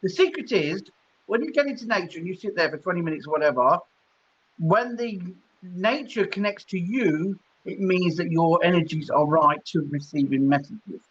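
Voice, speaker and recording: High-voiced male psychic, chatty. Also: lively intonation, normal speed, a bit bright, breathy edge. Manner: chatty, laughing between readings. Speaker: psychic reader. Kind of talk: live-stream psychic reading. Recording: dull lo-fi stream audio.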